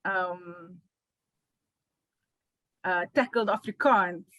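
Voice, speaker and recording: Unhurried woman moderator, dry sound. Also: lowish voice, bright, forceful tone, dry recording, low-quality recording. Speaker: moderator, filmmaker. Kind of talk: panel discussion.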